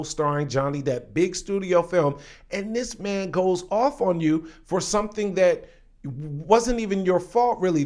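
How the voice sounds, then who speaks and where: A male acting coach with a voice pitched somewhat high for a man. He teaches an online acting lesson in an emphatic, direct way, speaking straight to his viewers. He keeps pausing to read passages aloud from an article before coming back to his own points. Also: a little mellow.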